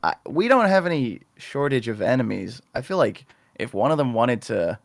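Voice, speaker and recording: A man chatting as a player in a tabletop game, his voice gravelly with a lively, varied pitch. The sound is close and dry, with no room around him. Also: moderate pace, no echo.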